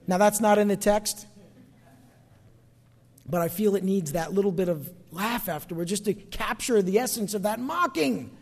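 A man's voice: high voice, animated, moderate pace, big-room sound. A middle-aged male pastor preaching a sermon, emphatic, calling out to the congregation for responses. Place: church sanctuary.

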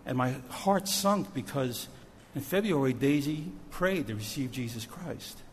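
A man, a missions pastor, telling a story from a trip as part of a sermon, animated and shifting in loudness. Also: medium pitch, unhurried, slight background noise. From New Jersey. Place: church sanctuary. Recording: long church hall reverb.

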